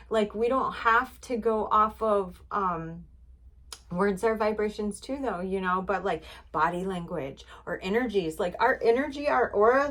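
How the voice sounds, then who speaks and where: A woman running a casual spiritual card reading. She talks in a chatty, rambling way, full of fillers, and she is encouraging and repeats herself. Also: medium pitch. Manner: encouraging, repetitive.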